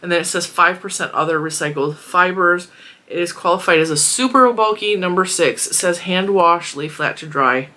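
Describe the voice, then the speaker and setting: Congested, chatty woman with a bright voice. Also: lowish voice, normal speed. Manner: chatty, rambling, laughs often. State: congested and a little wheezy. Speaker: crafting vlogger. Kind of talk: casual product review chat. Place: small closed room at home.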